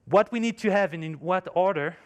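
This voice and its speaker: With a high-sitting voice and a brisk delivery, a man tells a story during an emphatic motivational talk at a conference. He is speaking English as a second language, and his phrasing is non-native.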